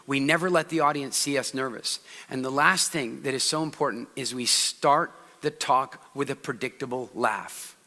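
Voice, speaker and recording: A man with a very bright, ringing voice, pitched high for a man, leads a live seminar with playful energy. He keeps pulling the audience in to join him. The sound rolls around a large hall with a long, lingering reverb. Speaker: public speaking trainer.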